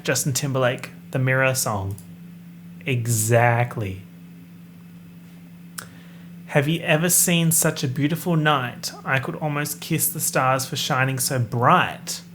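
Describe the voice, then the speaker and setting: A man hosting a casual solo podcast, chatting and guessing out loud as he reads and half-sings song lyrics. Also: medium pitch, slight background noise. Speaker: podcast host. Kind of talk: casual solo podcast, pop music quiz.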